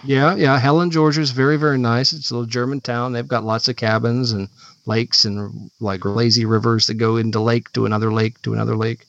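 A man rambles through casual podcast chat, groping for words as he goes. His voice is bright and forward, while the recording is dry and somewhat dull. It sounds like lo-fi podcast audio. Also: medium pitch, little pitch movement, brisk, vocal fry, no room sound. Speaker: podcast co-host.

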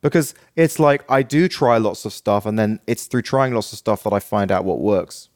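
A man co-hosting a podcast, talking in a thoughtful, halting way with frequent restarts. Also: fairly low pitch, a little mellow. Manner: thoughtful, halting, self-interrupting. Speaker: podcast co-host. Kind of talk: casual chat.

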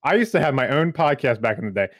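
A man hosting a podcast, chatting casually. His pitch swings widely as he talks. The sound is dry and close. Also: sing-song, fairly bright tone, dry recording. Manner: playful, defensive, hurried asides. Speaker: podcast host. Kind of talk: casual chat.

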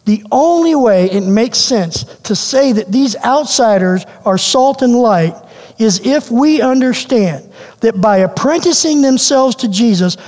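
A man preaching a sermon as pastor, animated and questioning, repeating phrases for emphasis. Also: very high voice. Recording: long hall reverb.

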